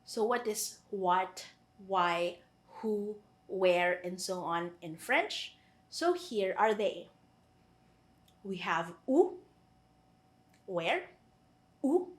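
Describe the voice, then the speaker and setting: A woman's voice: mid-range voice, lively intonation, very slow, pauses often. A woman with a Filipino accent teaching a French grammar lesson, patiently repeating each French phrase and translating it. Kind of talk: online language lesson.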